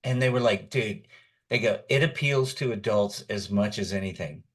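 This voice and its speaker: A middle-aged man with a husky, slightly rough voice spins rambling anecdotes as a guest on an interview show. His voice sits a bit low, and the talk is relaxed and easy. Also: normal speed. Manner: rambling storyteller. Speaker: guest voice actor. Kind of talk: casual interview chat.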